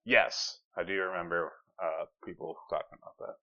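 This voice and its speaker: A man's voice: low voice, steady tone, normal speed. A man hosting a podcast, chatting casually, rambling and swearing, sometimes reading from notes. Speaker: podcast host. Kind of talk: casual chat. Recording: dull lo-fi podcast audio.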